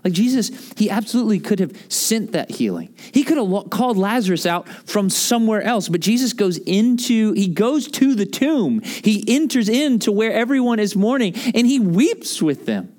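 A man's voice: high voice, animated, moderate pace, hardly any pauses, darkish tone. A man in his thirties preaching a casual, joking sermon with lots of asides. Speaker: pastor. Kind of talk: conversational sermon.

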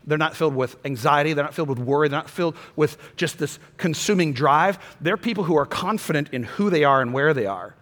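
A man preaching a sermon as a pastor, swinging from soft, quiet passages to loud, fervent peaks. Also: fairly high pitch, animated, fairly quick, hardly any pauses, in a large hall.

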